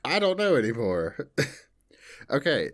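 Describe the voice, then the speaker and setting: A man co-hosting a podcast in casual chat, from the Southern United States, telling stories in an animated way and laughing often. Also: mid-range voice, measured pace. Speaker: podcast co-host.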